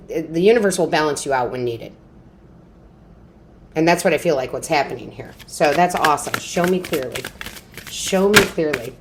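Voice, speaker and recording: Low-voiced chatty woman tarot reader. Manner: chatty, reassuring, frequent "okay?" and "right?". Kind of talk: casual tarot reading to camera.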